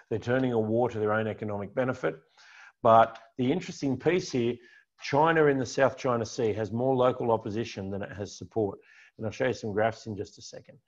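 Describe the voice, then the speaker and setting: A man's voice: medium pitch, a little mellow, dull audio. A man giving a conversational, emphatic client update as a financial adviser, talking over slides. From Australia. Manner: conversational, emphatic, repeats key points. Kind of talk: presentation with slides.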